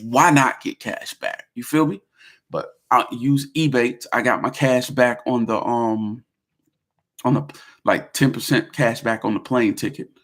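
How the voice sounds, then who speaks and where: A man talking casually on his vlog, telling a story with lively slang. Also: mid-range voice, a little slow. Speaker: vlogger.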